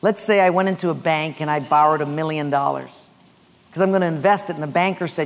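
A man's voice: on the high side, fast talker, in a large hall. A man preaching a sermon, telling stories and asking the congregation questions to answer aloud. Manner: storytelling with call-and-response questions. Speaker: pastor.

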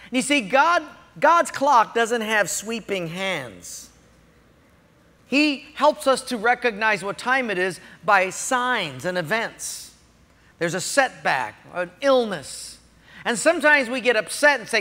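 A man preaching a sermon, telling a story in an animated way and acting out the quotes. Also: high-pitched, measured pace, long reverb tail. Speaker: pastor.

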